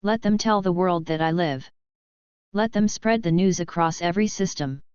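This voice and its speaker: Cold contemptuous male dark lord, read by a woman, low voice, muffled sound. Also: normal speed, clean tone, dry recording, close to an everyday voice. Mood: menacing.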